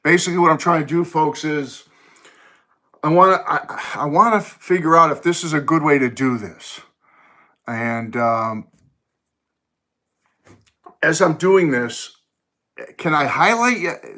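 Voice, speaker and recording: Bright-voiced chatty live-stream host. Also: male voice, fairly high pitch, expressive, unhurried, long pauses. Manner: chatty and rambling, greets viewers by name, thinks aloud. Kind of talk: casual live chat with viewers. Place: home music room. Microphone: phone.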